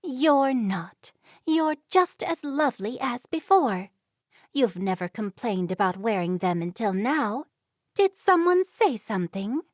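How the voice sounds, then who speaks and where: A woman's voice: on the high side, very animated, measured pace, no room sound, studio quality. A woman voicing a firm, prying middle-aged Amish mother in a storybook reading. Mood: stern.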